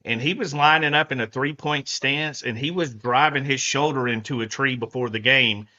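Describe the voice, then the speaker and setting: Bright-voiced man recounting stories. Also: medium pitch, normal speed. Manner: lively storyteller, swings from quiet to loud. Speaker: guest reporter. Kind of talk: casual sports talk storytelling. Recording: muffled lo-fi audio.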